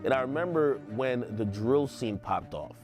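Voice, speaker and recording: A man who commentates on hip hop, recalling his early videos in a lively, conversational way. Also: mid-range voice, moderate pace, over music. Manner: lively, quotes himself. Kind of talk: conversational interview.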